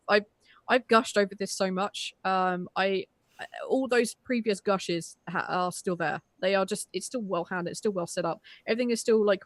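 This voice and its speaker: A woman's voice: mid-range voice, no room sound. Gushing young woman, dry close sound. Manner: enthusiastic, gushing, swears freely, restarts often. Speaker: podcast co-host. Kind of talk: casual chat.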